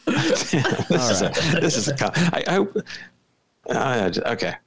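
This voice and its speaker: A man's voice: medium pitch, huge pitch swings, takes it slowly, breathy edge. A man from Philadelphia co-hosting a podcast, chatting casually and joking at his own expense with frequent giggles. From Philadelphia, USA. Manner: joking, giggly, self-deprecating. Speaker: podcast co-host. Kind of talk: casual chat.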